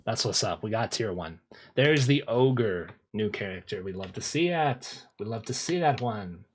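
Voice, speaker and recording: A young man streaming a game, chatting casually with viewers in relaxed slang, repeating phrases and laughing often. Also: on the low side, normal speed, husky. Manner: laid-back slang, lots of laughing and repeating himself. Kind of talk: casual gameplay streaming, reading chat.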